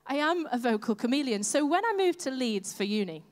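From a church stage, a woman church leader delivers a chatty, self-deprecating sermon and talks with the congregation. Her voice sits high, with lively intonation and a fairly quick pace. A long hall reverb colors the recording.

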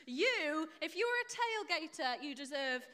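A woman's voice: sits high, big pitch swings, measured pace, sharp tone. A woman preaching to a live congregation in a chatty, playful way, joking and quizzing people, on a close mic that picks up her breathing. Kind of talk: chatty sermon with audience banter. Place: church hall with a live congregation. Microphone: close mic without windshield, audible breathing.

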